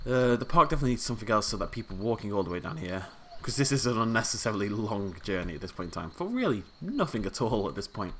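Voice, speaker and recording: A man's voice: on the low side, sing-song, fast talker, few pauses, slight background noise. A man hosting a video game let's play, giving casual, playful commentary and chatting to the characters on screen.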